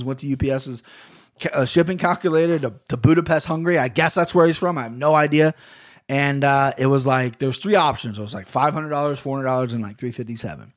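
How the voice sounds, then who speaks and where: A man hosting his own podcast, rambling casually and swearing a lot as he talks into a boom-arm studio mic in his home office. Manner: rambling, profane, chatty. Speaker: podcast host. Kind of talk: casual solo podcast monologue.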